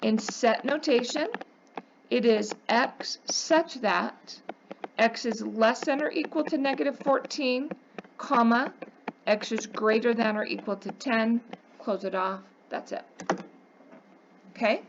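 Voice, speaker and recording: A woman teaches a math class in an emphatic, coaxing way, often pausing to ask "okay?". Her voice sits fairly high. The recording from the classroom is dull and lo-fi. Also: background noise. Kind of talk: classroom lecture.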